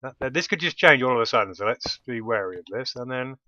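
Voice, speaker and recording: A man's voice: mid-range voice, lively intonation, quick pace, pushed and bright, highs cut off, slight background noise. A man giving casual commentary while playing a game, often bursting into delighted exclamations. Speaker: let's play host.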